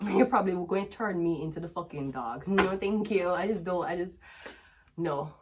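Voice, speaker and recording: A woman's voice: fairly low pitch, moderate pace, slight background noise. A woman with a Jamaican accent giving a casual tarot reading. She is blunt and profane, laughs often, and drifts into patois-heavy stories. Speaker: tarot reader.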